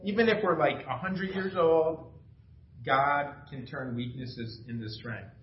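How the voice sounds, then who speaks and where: A man's voice: fairly high pitch, unhurried, a little hiss or hum. A middle-aged man preaching an informal, conversational sermon, self-deprecating and asking the room questions. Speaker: pastor. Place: small church room. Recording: echoey room from far off, dull sound.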